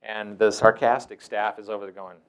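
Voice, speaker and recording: Wry, low-voiced man telling stories. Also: little pitch movement, fairly quick, fairly bright tone. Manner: casual, wry, playfully acts out quoted voices. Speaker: host. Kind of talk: anecdotal storytelling talk.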